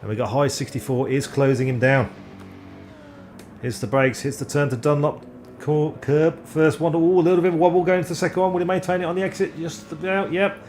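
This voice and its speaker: A man giving live sim racing commentary, excitable and self-deprecating, often stumbling over driver names. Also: a little high, brisk, slight background noise.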